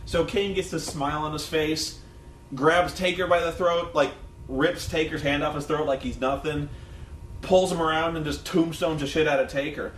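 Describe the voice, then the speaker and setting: A man with a slightly high, steady, somewhat bright voice talks at a normal speed. He co-hosts a wrestling review show and chats casually, rambling, swearing heavily, and using lots of fillers. The recording sounds echoey, with a distant mic and a faint hum.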